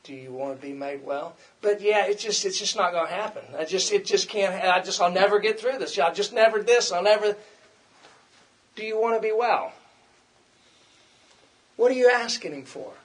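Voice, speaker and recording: High-voiced man preaching a sermon. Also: moderate pace, long pauses. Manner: conversational, repeats words, acts out quoted complaints.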